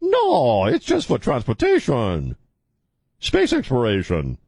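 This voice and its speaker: A man's voice: medium pitch, huge pitch swings, slow pace, gravelly, darkish tone, breathy edge, dry recording, studio quality, full character voice. A man putting on a mocking impression of a cartoonish puppet dictator, with an exaggerated fake accent.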